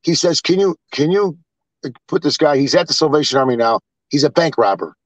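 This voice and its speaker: A man's voice: on the high side, lively intonation, brisk, no echo, low-quality recording. An older man telling blunt, rambling stories with swearing. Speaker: storyteller. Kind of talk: casual storytelling.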